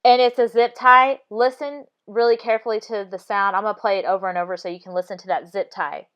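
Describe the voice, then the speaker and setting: A woman talks through video clips in a casual commentary. Her voice is smooth and clear, with an insistent, repetitive way of pressing each point and frequent halting restarts. The audio is slightly dull and lo-fi. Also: medium pitch, steady tone. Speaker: video analysis vlogger.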